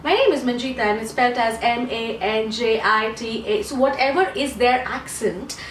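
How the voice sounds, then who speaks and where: Speaking at a moderate pace in a high-side voice, a non-native English speaker coaches students for an English test. Her chatty monologue repeats key points and uses rhetorical questions. The mic sits at a distance in an echoey room, with slight background noise.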